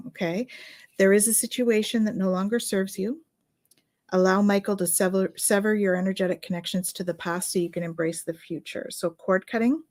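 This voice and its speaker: A woman's voice: medium pitch, a little mellow. Reassuring woman host reading cards. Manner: reassuring, often adds "okay?" to her advice. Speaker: host and card reader. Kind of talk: live online card reading.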